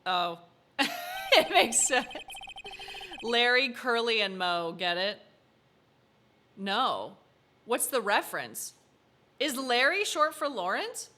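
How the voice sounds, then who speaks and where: A woman's voice: a little high, big pitch swings, slow, pauses often, bright, forceful tone, slight background noise. A woman in her twenties from the United States hosting a let's-play, chatting in a giggly, rambling way. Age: 20s. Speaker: gaming channel host. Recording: voice over game music.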